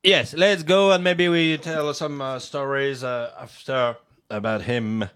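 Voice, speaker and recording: A man with a French accent co-hosting a bilingual radio show, excitable and full of hesitant fillers. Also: mid-range voice, measured pace, smooth, no room sound, studio quality. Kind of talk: casual bilingual radio chat.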